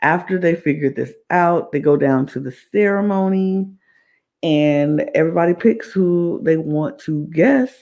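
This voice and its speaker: A woman podcast host talks through a reality-show episode in a loose, rambling recap, circling back to say the same thing twice. Her voice has a gravelly, creaky edge. She takes her time, drawing out her words at a slow, easy pace. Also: sits low, a little mellow, muffled recording. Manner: rambling, repeats phrases.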